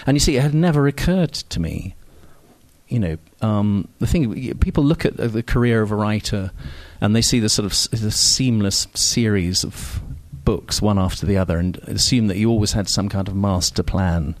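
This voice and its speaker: A man's voice: lowish voice, moderate pace, dry recording. A man telling stories in an interview, rambling and self-deprecating, with frequent ums and restarts. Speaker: novelist guest. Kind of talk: casual anecdotal interview talk.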